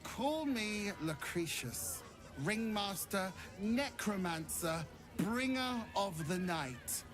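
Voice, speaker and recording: Theatrical necromancer ringmaster, game character, high lively voice, dramatic drawl, circus music behind. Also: male voice, slow pace. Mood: grandiose. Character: flamboyant male ringmaster necromancer, theatrical and cutting.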